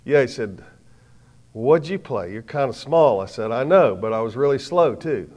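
A middle-aged man with a drawl delivers a sermon in a mid-range voice. He tells folksy personal stories, punching some lines loudly and letting others fall quiet. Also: medium pitch, normal speed, slight background noise. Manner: folksy, animated storytelling with sudden loud bursts and quiet drops. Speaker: preacher.

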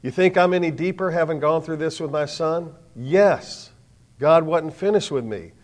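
An older man giving a sermon as storytelling, swinging from hushed lines to loud bursts with dramatic pauses. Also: fairly high pitch. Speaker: speaker.

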